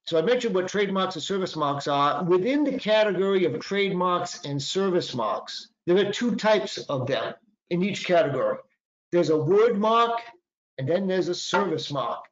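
A middle-aged man with a Boston accent, a patent attorney giving a presentation in a conversational way, with fillers and self-corrections. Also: on the high side. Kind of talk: webinar presentation. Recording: echoey, dull lo-fi sound.

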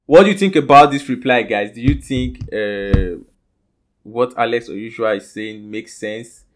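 A man's voice: medium pitch, a little slow, a little hiss or hum. A man with a Nigerian accent who hosts a gossip news vlog, reading the stories casually and putting questions to his viewers. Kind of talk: reading celebrity news to camera.

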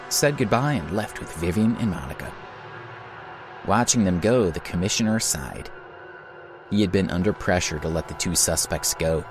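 Low-voiced male drama narrator. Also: animated, normal speed, music in the background. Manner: dramatic storytelling. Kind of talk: scripted audio drama narration.

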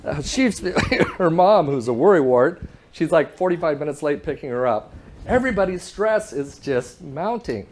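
Animated man telling a story on stage. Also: a little high, moderate pace. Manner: animated, acts out both sides of a phone call. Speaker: public speaker. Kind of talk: storytelling talk to an audience.

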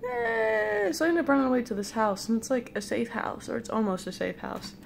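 A woman's voice: a little high, expressive, fast talker, gravelly, a little hiss or hum. Young woman rambling through a dream story. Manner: rambling, playful, quotes people in put-on voices; eating jelly beans while talking. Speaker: vlogger. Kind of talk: casual storytelling about a dream.

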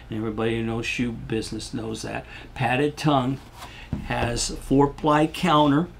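A man's voice: medium pitch, vocal fry. An older man giving a rambling, folksy product demonstration as a shoe salesman, losing his voice and coughing now and then.

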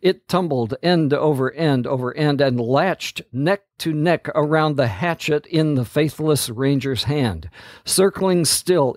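Slow, steady male storyteller. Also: medium pitch, dry recording, clean studio sound. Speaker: narrator. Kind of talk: scripted story narration.

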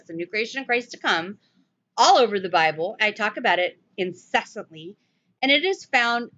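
A woman giving a conversational Bible study in an emphatic way. She sometimes stops to correct herself. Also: on the high side. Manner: animated, emphatic, self-correcting. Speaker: Bible teacher. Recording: dull lo-fi recording.

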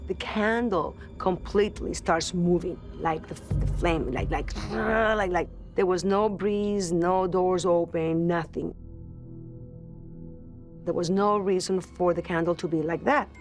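A woman recounts an eerie personal experience in a documentary interview. Her voice sits a little low, and she speaks haltingly, repeating words and restarting. Music plays steadily beneath her. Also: steady tone, darkish tone. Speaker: celebrity guest recounting a ghost story. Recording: music bed under the voice. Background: background music.

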